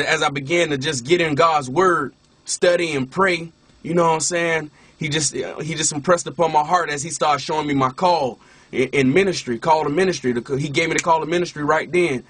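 A man's voice: a little high, a bit bright, husky, no room sound. A man, a minister and former rapper, telling his personal testimony in a casual way, often saying "you know what I'm saying" and restarting his words.

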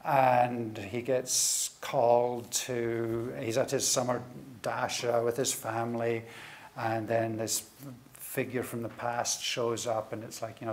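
A man's voice: mid-range voice, flat delivery, takes it slowly. A middle-aged man giving a public lecture and taking questions, telling stories animatedly with frequent stammered restarts. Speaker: guest lecturer.

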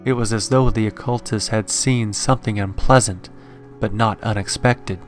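Man, low voice, measured horror story narration, faint eerie music behind. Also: fairly even intonation. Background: faint horror background music.

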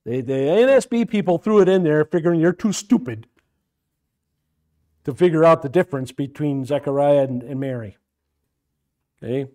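A man teaching a Bible study class, his voice sitting a little high and swinging widely in pitch. He questions the group constantly and repeats phrases as he drives a point home. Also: expressive, normal speed, dark tone.

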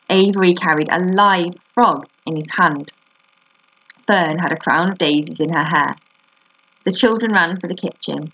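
Woman, teacher, reading a children's book aloud, steady, expressive, lowish voice. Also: breathy edge, low-quality recording.

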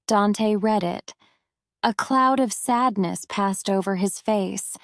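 A woman narrating a simple graded story for English learners with slow, careful reading. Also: mid-range voice, dry recording, clean studio sound.

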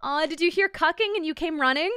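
A woman's voice: extremely high pitch, fast, bright, forceful tone, dry recording, clean studio sound. A young woman streamer telling a story to her chat in a casual way, swearing a lot, laughing often and playing up her own drama. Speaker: VTuber streamer.

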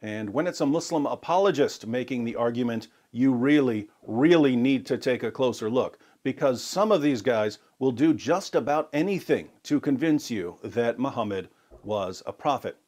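A man narrating a scripted argument in a measured, explanatory way with a light sarcastic edge. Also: mid-range voice, expressive, a little mellow. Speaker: narrator of a clip.

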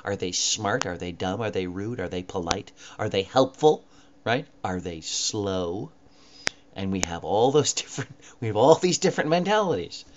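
A man's voice: fairly low pitch, expressive, normal speed. A man giving a recorded mini lecture, talking conversationally and putting questions to his students. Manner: conversational, asks students questions, many uh fillers. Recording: dull lo-fi recording with clear noise.

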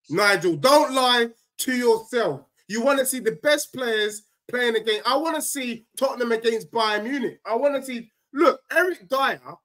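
Animated high-voiced man ranting. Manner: animated, emphatic, ranting with rising outbursts. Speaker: football podcast co-host, fan. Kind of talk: casual football debate.

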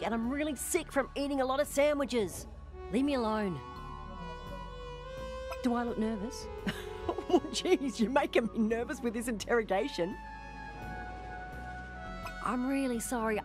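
A woman voicing a queasy, nervous alien man in a video game, whiny and mumbling. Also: high voice.

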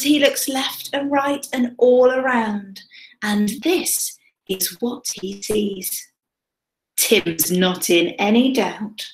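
A woman teacher reading a picture book aloud to young children, animated, with dramatic whispers and gasps. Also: fairly high pitch. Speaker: primary school teacher. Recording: echoey room.

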